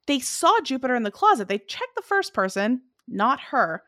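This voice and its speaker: A woman chatting casually about a movie, animated and opinionated, laughing often. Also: high-pitched, brisk, few pauses, no room sound, studio quality. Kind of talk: casual movie review chat.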